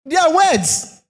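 A man preaching a sermon, emphatic, asking rhetorical questions and repeating phrases for effect. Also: extremely high pitch.

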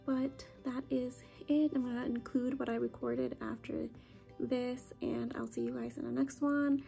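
A woman's voice: a little high, little pitch movement, a little slow, creaky, mellow, faint music behind. A young woman chatting casually to the camera at home, saying "like" a lot. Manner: chatty, says "like" often. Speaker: vlogger. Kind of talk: casual vlog chat. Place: at home after a family visit.

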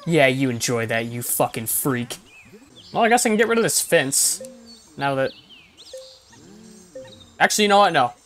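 A young woman giving casual gameplay commentary, swearing often and yelling at the game. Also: rumbling low, animated, normal speed, pauses often, faint music behind. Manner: swears a lot, yells at the game. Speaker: gaming video creator.

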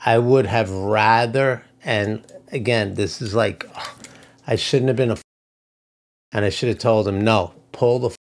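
Blunt gravelly-voiced man from Brooklyn. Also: fairly low pitch, unhurried. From Brooklyn, New York. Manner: blunt, profane, animated retelling. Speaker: podcast co-host. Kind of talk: casual storytelling chat.

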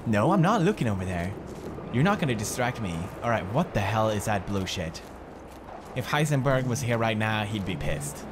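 Young male gamer, lively pitch, cursing and mocking a horror game, game noise behind. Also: moderate pace. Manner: swearing, jumpy and loud, mocking the game. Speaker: gamer commentator. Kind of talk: horror game let's play commentary.

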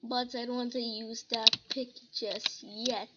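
High-voiced woman chatting over gameplay. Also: little pitch movement, unhurried, heavy background noise. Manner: sing-song humming while playing. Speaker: gamer. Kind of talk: casual gameplay commentary. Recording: lo-fi with loud keyboard typing.

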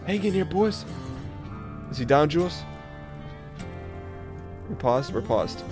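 A man doing let's play commentary on a colony game, talking to his colonists and jumping between rattled bursts and low mutters, with keyboard clicks behind. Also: animated, takes it slowly, over music. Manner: jumpy, talks to his colonists, spikes loud when tense.

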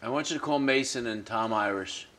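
A man playing a gruff worried father. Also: mid-range voice, fairly quick, pushed and bright, slight background noise, natural voice. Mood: stern. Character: strained middle-aged father, contractor. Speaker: father, builder. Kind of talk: film drama acting.

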